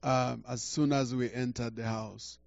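An older man preaches through a story with a gravelly voice. He halts, repeats words and swings from quiet to loud. The recording sounds dull and lo-fi. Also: medium pitch, fairly even intonation, unhurried, no echo. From Uganda. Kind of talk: storytelling sermon.

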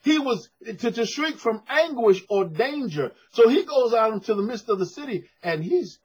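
A man's voice: very high-pitched, lively intonation, normal speed, husky, muffled recording. A man preaching a sermon to a congregation in a church, emphatic and conversational, calling for responses. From United States.

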